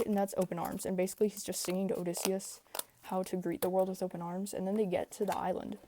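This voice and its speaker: A hoarse woman hosting a casual podcast, speaking quietly at home with lots of fillers as she recaps a story. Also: mid-range voice, flat delivery, fast, slight background noise. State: hoarse, tired voice. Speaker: podcast host. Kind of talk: casual rambling recap rant. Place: home room.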